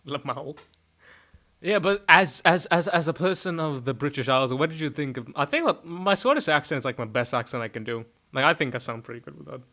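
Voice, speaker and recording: A male streamer chats loosely with friends while he draws, rambling and joking with plenty of fillers. His voice is bright and a little high, with lively ups and downs. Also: brisk. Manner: rambling and jokey, many fillers. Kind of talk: casual chat on an art stream.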